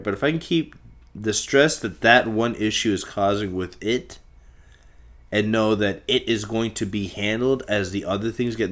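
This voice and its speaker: Man, young adult, solo podcast host, rambling, swearing, talks in circles, bright tense tone. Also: lowish voice. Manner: rambling, profane, talks in circles with sudden loud shouts. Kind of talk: casual solo podcast monologue.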